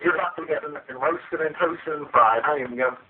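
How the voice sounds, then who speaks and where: A man's voice: on the high side, fast, crowd noise. A man trading crude mocking insults in a voice chat roast, laughing at his own jokes. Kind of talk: trash-talk roast over voice chat. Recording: tinny phone-like voice chat with faint noise.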